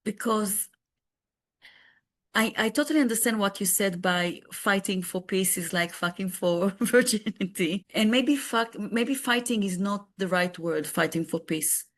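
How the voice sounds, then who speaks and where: Give me an earnest woman peace activist talking on a podcast, mid-pitched and halting. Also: fairly bright tone. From Israel. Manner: earnest, searching for words with frequent restarts. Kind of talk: casual podcast conversation.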